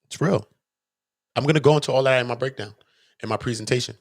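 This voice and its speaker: A man hosting his own channel, talking off the cuff to viewers in an emphatic, preachy way full of rhetorical questions, swinging from loud bursts to low mutters. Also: fast talker, creaky, no echo, clean studio sound. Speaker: channel host. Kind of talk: unscripted monologue to viewers.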